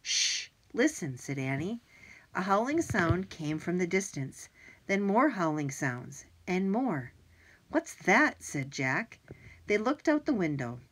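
Woman narrator for a kids' chapter book, low voice, lots of melodic movement. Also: unhurried, breathy edge, rough recording. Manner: expressive, animated reading. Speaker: audiobook narrator. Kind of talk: children's story reading.

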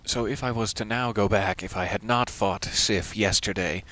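Brief: low-pitched male streamer, musing and wry, soft-spoken let's play commentary. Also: moderate pace. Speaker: game streamer.

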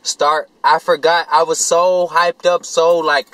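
A man's voice: fairly high pitch, a little slow, no room sound, poor audio. Young man telling a rambling street story. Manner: rambling, profane street slang, animated. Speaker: vlogger. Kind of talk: casual storytelling to camera.

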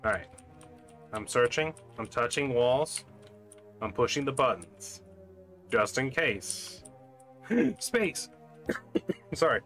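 A man gives running commentary while he plays a shooter, his voice sitting at an ordinary middle pitch. He jokes and mutters to himself as the action unfolds. Clear game music plays behind his voice. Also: animated, takes it slowly, pauses often, a bit bright. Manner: playful, jokey, talking to himself while playing. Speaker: gaming channel host. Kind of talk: let's play commentary.

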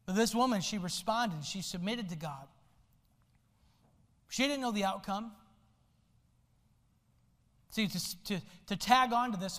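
A male pastor preaching a sermon, swinging from soft low asides to loud shouted lines. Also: unhurried, long pauses. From United States. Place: church sanctuary. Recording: long hall reverb in a church.

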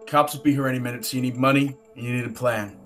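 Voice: mid-range voice, fairly even intonation, rapid-fire, a bit bright, faint music behind, natural voice. An actor playing a blunt, streetwise gang tough. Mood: urgent. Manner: blunt, commanding. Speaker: student actor. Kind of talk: amateur stage play reading.

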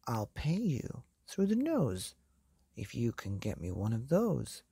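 A woman voicing an eager, excitable father in a bedtime story. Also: rumbling low, slow pace, gravelly, husky, no room sound, clean studio sound, full character voice. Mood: excited.

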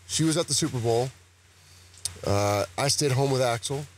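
A man's voice: mid-range voice, normal speed, slight background noise. A man, an actor, chatting casually as a guest on a talk show set, rambling and joking at his own expense. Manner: joking, rambling, self-deprecating. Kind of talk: casual interview chat. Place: broadcast set with cameras at a golf tournament.

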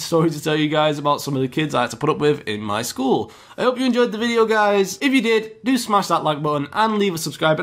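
A man's voice: sits high, a bit bright. A young man telling a school story in a rambling, casual way as a YouTuber. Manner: rambling, chatty, many fillers.

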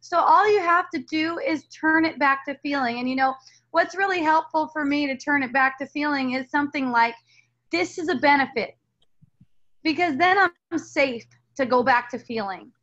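A woman with a high, bright voice talks earnestly as a spiritual teacher in a relaxed dialogue. She rambles and restarts her sentences often. The audio sounds dull and lo-fi. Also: moderate pace.

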